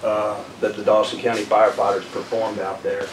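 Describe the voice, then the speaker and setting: A man speaking as county manager at a public meeting, measured and apologetic with frequent fillers. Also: on the low side, level tone. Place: community meeting room. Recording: echoey room from far off, noisy.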